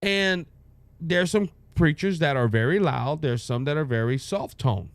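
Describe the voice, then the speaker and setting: Cajun man with a slightly high voice. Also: expressive, measured pace, no echo. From Louisiana. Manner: conversational, folksy, with frequent restarts. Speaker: podcast host and minister. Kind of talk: conservative political commentary podcast.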